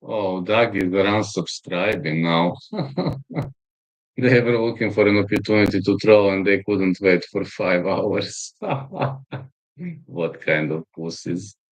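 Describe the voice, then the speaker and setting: A man's voice: sits low, a little slow, hardly any pauses, rough recording. A man with a Serbian accent, hosting a live fight stream and chatting in a rambling, storytelling way while reading chat aloud.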